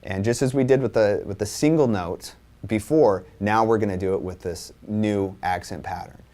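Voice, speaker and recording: Low-voiced male drum teacher counting beats. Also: moderate pace, darkish tone. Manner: counts rhythms aloud while explaining; casual, repeats "right?" and restarts. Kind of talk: instructional lesson.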